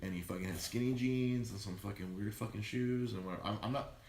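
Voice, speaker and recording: A man co-hosting a podcast, telling a long story in a loose, animated way, swearing constantly and acting out the people he quotes. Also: fairly low pitch, fast, roomy sound, slight background noise. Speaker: podcast co-host. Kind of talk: casual profane storytelling. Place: podcast studio in a comic shop.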